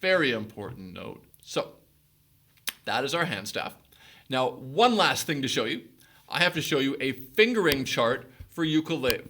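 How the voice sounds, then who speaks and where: A man teaching children the basics of the recorder, giving clear step-by-step instructions and frequent encouraging praise. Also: medium pitch, bright, forceful tone. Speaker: music teacher.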